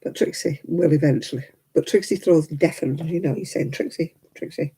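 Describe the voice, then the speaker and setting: A woman's voice: sits low, fairly even intonation, moderate pace, creaky, warm tone, husky, poor audio. A woman in her seventies chatting casually and rambling with chuckles while she hosts a crafting livestream. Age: 70s. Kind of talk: casual chat.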